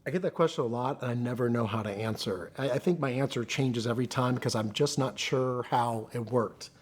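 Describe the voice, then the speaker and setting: Earnest, halting man in conversation. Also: medium pitch. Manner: earnest, halting, restarts often. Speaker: podcast guest. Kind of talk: candid conversational interview.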